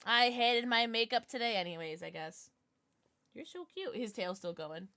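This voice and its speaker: A woman livestreamer chatting casually with her viewers, playful and jokey, thanking them warmly and cooing in baby talk to her dogs. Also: on the high side, moderate pace, smooth, dry recording. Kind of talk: casual chat with stream viewers.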